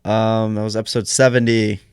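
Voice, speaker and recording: Smooth-voiced young podcast host. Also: male voice, lowish voice, little pitch movement, a little fast. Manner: laughing, loose, swears often. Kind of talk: casual banter.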